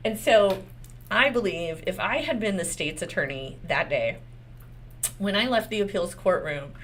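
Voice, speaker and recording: A woman's voice: medium pitch, expressive, unhurried, slight background noise. A woman lawyer with a Texas accent giving casual, candid legal commentary, swearing often and asking rhetorical questions.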